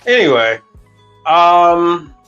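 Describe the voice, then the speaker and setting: On a live stream, a commercial kitchen equipment tech from Chicago argues with his chat's comments, ranting bluntly and swearing heavily. He speaks very slowly in a high, very animated voice that's fairly bright and clean in tone. The sound is lo-fi, with faint background music.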